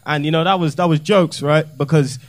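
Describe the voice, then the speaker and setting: A young man, his speaking voice set notably high, delivers a stand-up set in a comedy club. He is deadpan and self-mocking and uses plenty of street slang. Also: fairly quick, noisy background. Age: young adult.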